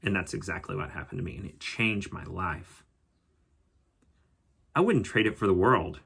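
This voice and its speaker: Man, lowish voice, bright edge, calm reflective storyteller, podcast host. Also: moderate pace, creaky, breathy edge. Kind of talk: personal storytelling.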